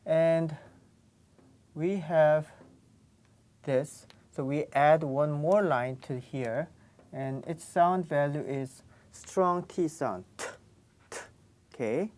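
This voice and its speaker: Lady teacher, low voice, slow and patient, repeats every sound. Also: darkish tone. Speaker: Korean language teacher. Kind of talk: classroom lesson on pronunciation.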